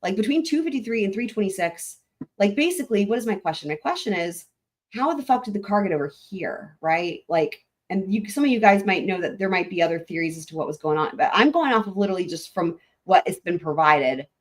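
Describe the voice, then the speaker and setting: A woman's voice: mid-range voice, animated, a little fast. A woman hosting a live stream, talking her way through maps in casual, rambling commentary with frequent swearing and restarts. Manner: rambling, profane, thinking aloud with frequent "like" and restarts. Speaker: livestream host.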